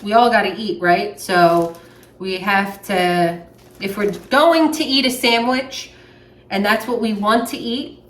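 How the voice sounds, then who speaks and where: A young woman with a Southern US accent, probably a vlogger, chats plainly while making a sandwich in her kitchen. Her voice is medium-pitched and a bit bright, and her talk is chatty and full of fillers. The room is echoey and the mic sits at a distance.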